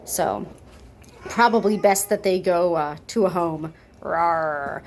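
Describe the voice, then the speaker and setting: A woman's voice: lowish voice, unhurried, darkish tone, a little hiss or hum. Chatty woman cooing over kittens. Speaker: cat foster and adoption volunteer. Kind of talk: casual adoption video chat. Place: home with cats. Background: cats meowing.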